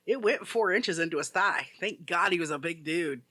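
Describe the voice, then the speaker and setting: A man's voice: fairly high pitch, lively intonation, normal speed, bright, forceful tone, no room sound. A man co-hosting a casual podcast chat, telling a rambling story full of "like". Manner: rambling storyteller, heavy use of "like". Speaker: podcast co-host.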